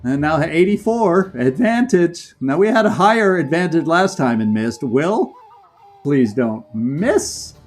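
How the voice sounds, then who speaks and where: A man streaming a video game, chatting and commentating as he plays, getting excited and laughing often. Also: a little high, measured pace, soft background music. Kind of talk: live gameplay commentary.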